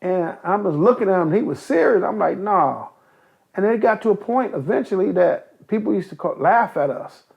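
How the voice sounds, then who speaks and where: An older man from Compton, California, telling stories as an interview guest, animated and swearing freely. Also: high voice, fairly quick, vocal fry, hardly any pauses, slightly rough. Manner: animated, acts out quoted voices, swears freely. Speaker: interview guest, youth basketball coach. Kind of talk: casual storytelling. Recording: dull lo-fi recording.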